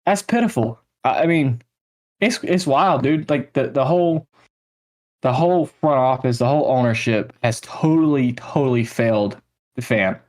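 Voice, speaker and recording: A man's voice: mid-range voice, moderate pace, a little mellow. A young man co-hosting a casual sports podcast, an exasperated, self-mocking fan ranting about his team. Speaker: podcast co-host, Panthers fan.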